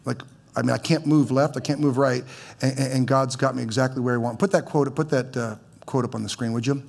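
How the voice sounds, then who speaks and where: A man's voice: mid-range voice, fairly even intonation, a little fast, vocal fry, darkish tone. A man preaching as a pastor in a church, conversational, with stammering restarts and teasing humor. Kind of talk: sermon.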